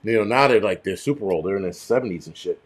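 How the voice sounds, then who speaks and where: A man hosting a casual livestream chat, rambling and swearing freely with animated outbursts. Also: lowish voice, fast talker. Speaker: host.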